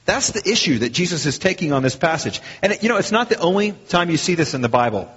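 A man preaching a sermon in a relaxed, talky way, with a husky, fairly high voice that swoops up and down a lot. His speech rings out into a long hall echo, and the recording sounds dull and muffled. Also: fast talker. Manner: conversational, animated, acts out quoted lines.

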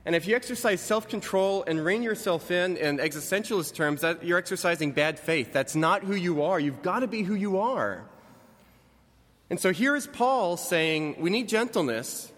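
A man's voice: sits high, expressive, moderate pace, a bit bright. A man in his thirties, a pastor giving a sermon in a church, talking conversationally, lightly joking and often correcting himself. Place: church sanctuary. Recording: reverberant church hall.

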